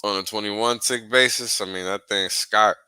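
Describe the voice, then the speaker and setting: A man's voice: fairly low pitch, fairly even intonation, normal speed, bright, forceful tone, clear, resonant tone, no echo. A man hosting a market commentary show, talking casually through charts in a laid-back, muttering way.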